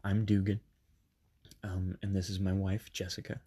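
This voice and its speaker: A man in his twenties hosting a podcast from a bedroom padded with soft things. He is slightly sick and tells his story casually, with many ums and self-corrections. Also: sits low, monotone, normal speed, husky. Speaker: podcast host.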